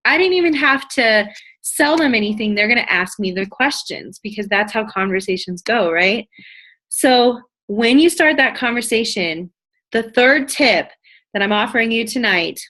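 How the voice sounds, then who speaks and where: A woman's voice: mid-range voice, fairly bright tone. A young woman giving a motivational sales training talk, bubbly and enthusiastic, often acting out both sides of a conversation. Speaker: network marketing trainer.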